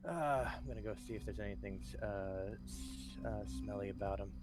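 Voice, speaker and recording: A man's voice: on the low side, moderate pace. A man playing in a tabletop game, joking around and laughing between questions, with music playing behind. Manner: jokey, laughs often. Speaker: player. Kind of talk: casual tabletop role-play.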